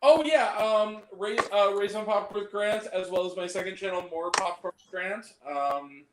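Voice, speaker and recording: A man's voice: high voice, moderate pace. A man chatting as a guest on a casual stream, telling stories animatedly and laughing often. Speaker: guest on a film talk stream. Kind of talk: casual chat. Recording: echoey room with faint noise.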